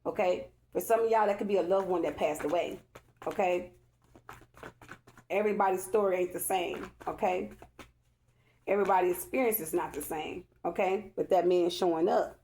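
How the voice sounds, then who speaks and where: A woman's voice: lowish voice, normal speed, darkish tone, slight background noise. Woman, tarot reader, casual spiritual reading, chatty, emphatic, repetitive, addresses viewers directly. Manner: repeats herself, loose colloquial phrasing.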